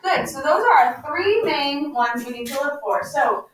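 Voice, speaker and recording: A woman teacher leading a class with call-and-response questions, slowing down to stress key words. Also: sits high, animated. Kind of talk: classroom instruction. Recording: echoey room, mic far off, faint noise.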